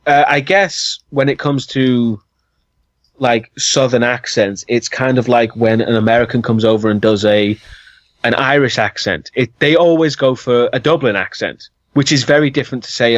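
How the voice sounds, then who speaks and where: A man's voice: medium pitch, fairly even intonation, measured pace, dry recording. A Welsh man co-hosting a podcast, chatting casually and swearing now and then. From Wales. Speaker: podcast co-host. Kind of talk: casual chat. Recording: dull dry lo-fi sound.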